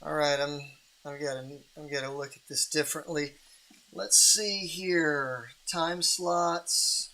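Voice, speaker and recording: A man's voice: fairly high pitch, steady tone, slow pace, pushed and bright. A man hosting a livestream Bible reading in a casual, rambling way, with many restarts and fillers.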